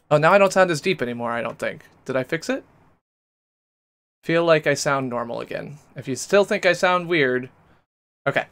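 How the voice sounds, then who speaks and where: A man's voice: on the high side, expressive, moderate pace, pauses often, a bit bright. A man streaming a game live, chatting casually into a desk microphone in a rambling, self-deprecating way. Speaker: gaming streamer. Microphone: USB desk microphone.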